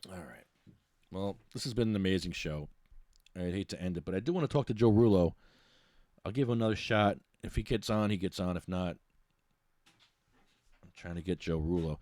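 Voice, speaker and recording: A man's voice: deep voice, moderate pace, long pauses, a little mellow, no room sound, clean studio sound. A man hosting a casual podcast, ranting bluntly and rambling with many restarts. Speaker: podcast host. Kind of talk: casual ranting talk show monologue.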